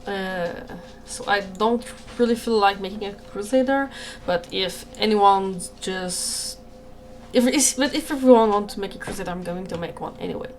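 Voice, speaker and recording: A woman's voice: mid-range voice, normal speed, darkish tone, a little hiss or hum. Apologetic French Canadian woman streaming. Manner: apologetic, hesitant, with frequent restarts. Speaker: streamer and game creator. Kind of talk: casual livestream chat. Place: home room, alone.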